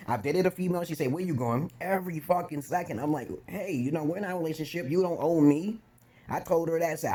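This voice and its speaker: A man's voice: fairly high pitch, darkish tone. Blunt profane man from Brooklyn. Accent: New York. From Brooklyn, New York. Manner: blunt, profane, rambling asides; chewing gum while talking. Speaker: vlogger giving dating talk. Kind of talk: casual profane monologue to camera.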